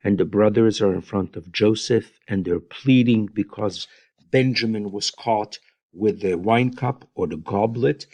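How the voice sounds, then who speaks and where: A man retelling Bible stories in an informal, unhurried way, adding his own comments and Hebrew phrases, recorded on a close mic in a quiet room. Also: fairly low pitch, no room sound. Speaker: Bible teacher.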